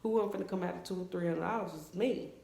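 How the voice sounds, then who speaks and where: A young woman telling a casual storytime vlog at home, chatty and animated as she talks to her viewers. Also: on the low side, fast, creaky. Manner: chatty and animated, voices her friends' lines in quotes. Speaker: vlogger. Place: at home in a room, taking her hair down on camera. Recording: echoey room.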